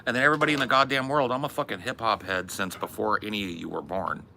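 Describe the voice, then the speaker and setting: A man's voice: lowish voice, fairly even intonation, fast talker, creaky, sharp tone, slight background noise. A man co-hosting a podcast, rambling through a profane, exasperated comedic rant. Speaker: podcast co-host.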